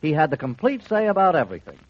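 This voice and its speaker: A man's voice: on the high side, sing-song, fast talker. A man co-hosting a scripted radio sports show, playing the cheerful straight man, on a dull lo-fi 1940s radio recording. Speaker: co-host.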